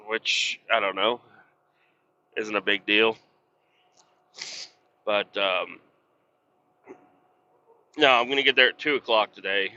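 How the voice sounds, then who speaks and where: A man's voice: fairly low pitch, takes it slowly, long pauses, pushed and bright, a little hiss or hum. A man telling rambling, blunt stories full of swearing, ranting with exasperation as he drives a truck. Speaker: podcast host and truck driver. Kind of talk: rambling casual storytelling. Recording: dull lo-fi sound.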